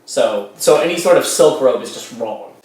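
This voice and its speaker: A man's voice: medium pitch, lively intonation, normal speed, a little mellow, far from the mic. A man narrating as game master of a tabletop role-playing game, rambling with lots of restarts and fillers. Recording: very echoey room, a bit off mic.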